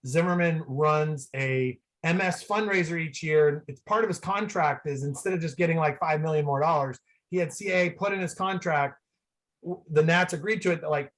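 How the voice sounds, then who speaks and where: Man, guest, video call, rambling excitable storytelling, lots of "like", fairly high voice. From San Francisco Bay Area. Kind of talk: casual storytelling.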